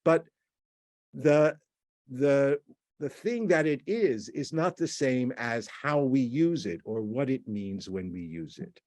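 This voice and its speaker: A man's voice: medium pitch, animated, slow pace, darkish tone, no room sound. Man lecturing in a dry, close room. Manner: explanatory, repeats words, acts out quoted texts. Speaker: university lecturer. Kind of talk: recorded lecture.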